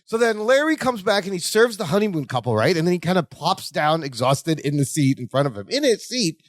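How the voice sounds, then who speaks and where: High-voiced man co-hosting a podcast. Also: very animated, a little fast, dry recording, clean studio sound. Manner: chatty, explains old references, quotes characters with jumps in pitch. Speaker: podcast co-host. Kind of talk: casual recap of a sitcom episode.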